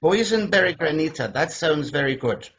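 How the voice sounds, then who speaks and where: A man hosting a podcast interview, playful and storytelling, often stumbling over his words, with a husky voice, recorded in dull lo-fi. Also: on the high side, animated, moderate pace, a bit bright. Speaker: podcast host.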